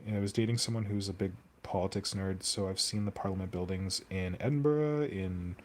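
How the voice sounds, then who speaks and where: A man's voice: deep voice, a little fast, darkish tone, a little hiss or hum. A young man chatting casually on a live stream while he sculpts, rambling and answering viewer comments aloud.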